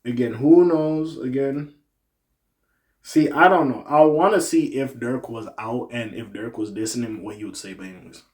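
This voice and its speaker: A man hosting a casual hip-hop news commentary, animated, swinging between loud outbursts and low muttered asides. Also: normal speed. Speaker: commentary channel host.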